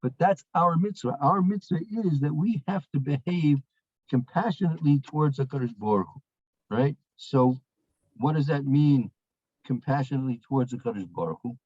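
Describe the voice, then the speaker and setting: A man's voice: mid-range voice, normal speed, darkish tone, husky, no room sound. Storytelling man with a dull, dry sound. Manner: storytelling, repeats phrases, many fillers and restarts. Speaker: Torah teacher. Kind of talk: weekly Torah portion lecture.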